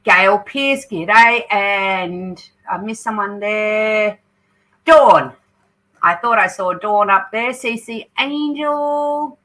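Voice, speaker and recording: A woman's voice: mid-range voice, very slow, bright, forceful tone, rough recording. A woman with an Australian accent hosting a live craft stream, chatting and reading out viewer comments. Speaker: craft channel host.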